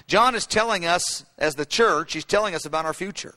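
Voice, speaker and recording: A man's voice: high voice, brisk, bright, forceful tone. A man preaching a sermon from his notes, speaking emphatically and rising into fervent, repeated cries. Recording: long hall reverb.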